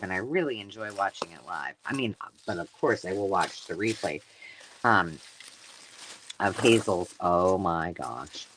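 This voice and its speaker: Woman host for a live craft unboxing: gushing, chatty, very animated pitch. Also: a little hiss or hum. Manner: gushing and effusive, chatty asides. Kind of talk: casual live-stream chat, unboxing mail.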